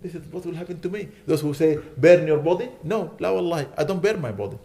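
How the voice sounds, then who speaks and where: A man giving a mosque lecture as a sheikh, preaching with fervent emphasis that softens into quiet prayer. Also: a little high, quick pace, creaky.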